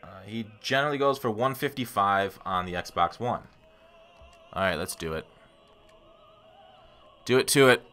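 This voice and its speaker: A man's voice: lowish voice, unhurried, pauses often, pushed and bright, faint music behind. A man giving rambling, casual commentary on his gameplay and talking straight to his viewers. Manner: rambling, self-deprecating, talks to viewers. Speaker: gaming YouTuber.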